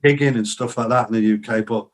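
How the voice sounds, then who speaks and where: A medium-pitched, fast-talking older man who writes and plays music tells stories on a podcast. It's casual interview storytelling: rambling, lively anecdotes in which he acts out people's quotes, thick with fillers and restarts.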